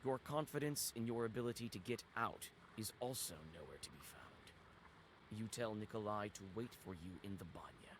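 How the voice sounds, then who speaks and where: A man narrating a dark story in second person in a measured, atmospheric manner. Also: lowish voice, noisy background.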